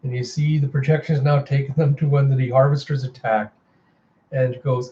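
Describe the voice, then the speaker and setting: A man casually narrating a comic readthrough in a relaxed, enthusiastic way. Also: mid-range voice, moderate pace, dull audio. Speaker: comic reviewer.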